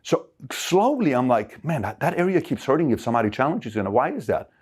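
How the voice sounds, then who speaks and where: A middle-aged man from Iran giving a motivational talk of life advice, emphatic and animated, acting out the people he quotes. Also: medium pitch, fairly quick, husky.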